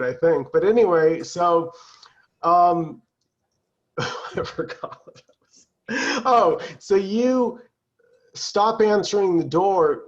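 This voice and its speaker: A man leading a spiritual satsang over a video call, in a calm, conversational way with easy laughs. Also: fairly high pitch, muffled recording. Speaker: satsang teacher.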